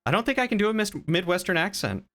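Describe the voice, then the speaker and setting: A man's voice: sits high, lively intonation, fast, a bit bright. A man chatting casually on a live stream, reading chat and teasing viewers in a playful, rambling way.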